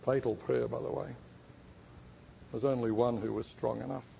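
A man's voice: mid-range voice, steady tone, normal speed, gravelly, warm tone, a little hiss or hum. A man preaching a sermon and teaching, quizzing his listeners and stressing words emphatically. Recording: long hall reverb.

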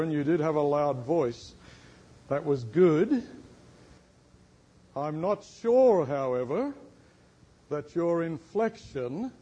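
A man's voice: fairly high pitch, a little mellow, muffled recording. A man preaching a sermon and teaching, quizzing his listeners and stressing words emphatically. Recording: long hall reverb.

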